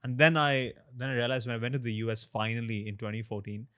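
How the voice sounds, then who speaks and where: A man's voice: mid-range voice, fast talker. A man, the podcast host, chatting casually and telling stories animatedly. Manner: animated storytelling. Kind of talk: casual chat.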